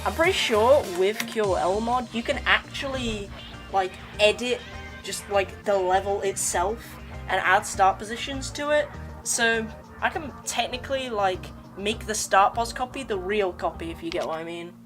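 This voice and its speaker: A woman's voice: mid-range voice, moderate pace. A young woman streaming a game, chatting casually with viewers in a slangy, rambling way. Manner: slangy, rambling, talks to chat. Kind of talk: casual live-stream chat while gaming. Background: game music.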